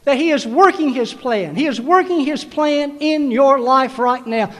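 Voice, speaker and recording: Man, preacher, graduation sermon, emphatic, repetitive, high voice, long reverb. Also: a little slow, hardly any pauses, fairly bright tone. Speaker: commencement preacher.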